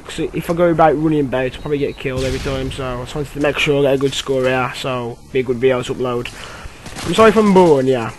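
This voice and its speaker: A young man giving rambling, filler-heavy commentary over his own gameplay, with bursts of excitement. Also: mid-range voice, slight background noise, rough recording. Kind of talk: casual game commentary.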